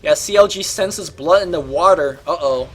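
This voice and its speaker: High, bright-voiced male esports caster. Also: a little hiss or hum. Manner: rapid, excitable, rising to shouts in fights. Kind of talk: live play-by-play game commentary.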